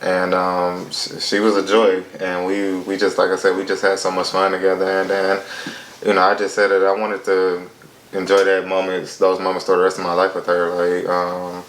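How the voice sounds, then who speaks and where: A young man in his twenties speaks in a very low, monotone voice. He is soft-spoken and halting, and he often restarts his sentences. The room echoes around him. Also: a little hiss or hum. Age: 20s. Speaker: husband co-host. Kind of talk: casual chat to camera.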